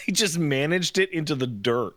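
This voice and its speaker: A man in his thirties rants in a casual chat, full of profane exasperation. His voice is a little high and swings widely in pitch, with a close, dry sound. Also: lively intonation, normal speed, fairly bright tone, no room sound. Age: 30s. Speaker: podcast co-host.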